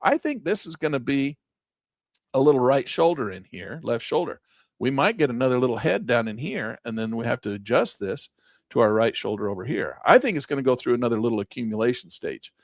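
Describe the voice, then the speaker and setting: Male trading instructor, folksy and emphatic, mid-pitched, dry close sound. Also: animated, fairly quick, no room sound. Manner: emphatic, folksy, chanting repeated words. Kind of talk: casual chart walkthrough lesson.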